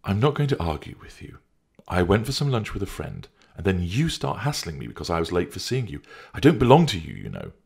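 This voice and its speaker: A man's voice: low-pitched, huge pitch swings, fairly quick, gravelly, darkish tone, breathy edge, voice pushed up, full character voice. A man voicing an irritated, overwhelmed young mother who pushes her lover away, in an audiobook reading. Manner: curt, exasperated, impatient.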